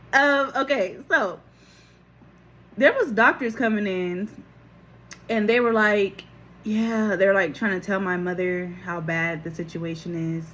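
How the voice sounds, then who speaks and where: A woman recording herself on her phone, telling a personal story in a casual, animated way, laughing often and acting out what people said. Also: medium pitch, slow pace, pauses often. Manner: animated, laughing, acts out quotes, casual swearing. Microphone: phone camera.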